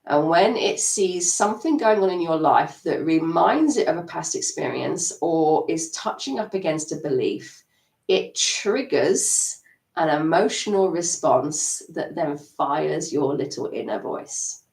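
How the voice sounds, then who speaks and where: A woman EFT practitioner gently guiding listeners through tapping steps in a live coaching talk. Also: deep voice, lively intonation, measured pace, vocal fry. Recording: echoey room, distant mic.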